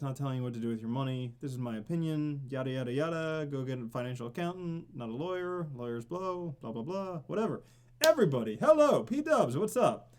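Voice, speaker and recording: A man hosts a casual live stream in an excitable, theatrical way. His voice sits high and swings wide in pitch. He swears freely and greets viewers by name. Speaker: crypto live stream host.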